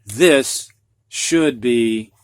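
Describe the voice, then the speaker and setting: There's no room sound as this man speaks very slowly in a clean, mid-range voice with an American Midwest accent. His slow, explanatory reading lesson plainly breaks down dictionary pronunciation marks, and he draws out each sound to illustrate.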